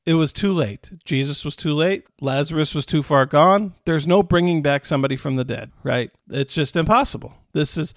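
Male preacher with a gravelly voice and a dry, close sound, teaching scripture casually and acting out the quotes. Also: a little high, moderate pace, few pauses, no room sound. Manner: retells scripture in plain words, with restarts and repetition; acts out quoted characters with a raised voice. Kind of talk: conversational Bible teaching.

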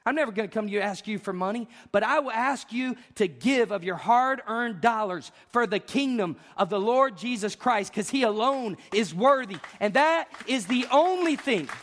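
A high-voiced man preaches a sermon, emphatic and emotional, firing off repeated questions and building to shouts. His voice rings through a church sanctuary with a long reverb tail. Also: expressive, moderate pace, hardly any pauses. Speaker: pastor.

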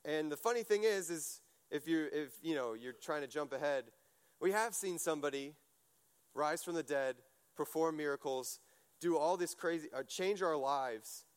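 A man preaching a casual sermon, telling stories in a chatty, animated way, full of fillers and restarts. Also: a little high, normal speed, clear, resonant tone.

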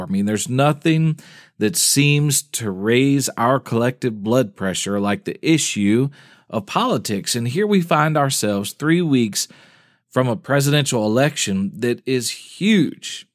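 A man's voice: medium pitch, no echo, clean studio sound. A male pastor giving a casual weekly podcast update, chatty and informal, with small laughs.

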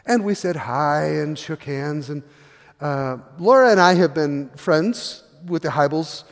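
Pastor telling a story in a reverberant hall. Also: male voice, fairly high pitch, expressive, a little slow. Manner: storytelling with many fillers and restarts. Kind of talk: sermon.

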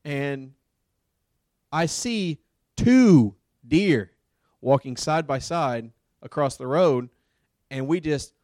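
A man casually telling a long work story, rambling with fillers and getting animated as he acts out what people said. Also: on the high side, slow pace, pauses often, no echo, studio quality.

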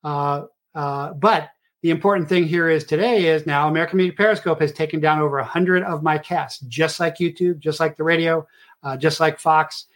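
Middle-aged man, slightly high voice, rambling host monologue heavy on fillers. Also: steady tone, moderate pace. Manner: rambling with many filler uhs. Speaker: show host. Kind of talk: casual monologue.

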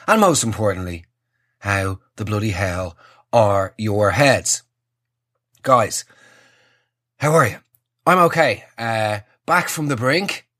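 A man's voice: fairly low pitch, animated, takes it slowly, long pauses, a bit bright. Wry, sweary young man. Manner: wry, self-mocking, sweary asides. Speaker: comedian hosting his own show. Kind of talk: casual comic monologue to camera.

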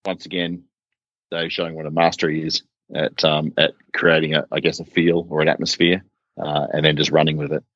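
A man co-hosting a casual album discussion, speaking in a measured, thoughtful way with some fillers. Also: very deep voice, flat delivery, fairly bright tone, no echo, muffled recording. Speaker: podcast co-host.

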